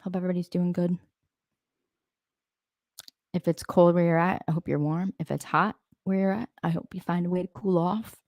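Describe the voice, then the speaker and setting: A woman's voice: on the low side, fairly even intonation, moderate pace, long pauses, a little mellow, dry recording, studio quality. A woman hosting a casual live stream, talking to viewers, answering their comments and laughing often. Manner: laughs often, rambling asides.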